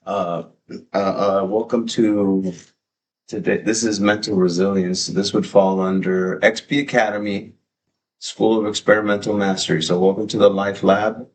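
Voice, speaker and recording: Deep-voiced excitable streamer man. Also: normal speed, a little hiss or hum. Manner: excitable, profane and rambling. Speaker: livestream host. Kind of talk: casual livestream chat. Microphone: desk microphone.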